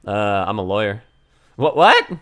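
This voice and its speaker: A man's voice: lowish voice, huge pitch swings, normal speed, sharp tone, voice pushed down, heavily acted. A man voicing a brash, tough Southern woman photographer in a game, with a drawling Southern US accent and a hollering folksy manner. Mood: defensive. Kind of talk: reading game dialogue aloud.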